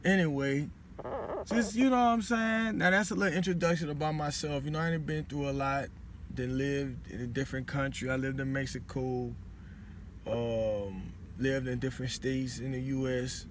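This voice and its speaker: A man's voice: medium pitch, steady tone, moderate pace, noisy background. A man in his forties with a New Orleans accent, giving casual life advice to a phone camera in a loose, conversational way. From New Orleans, Louisiana. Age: 40s. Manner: loose and conversational, with frequent "you know what I'm saying". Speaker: vlogger.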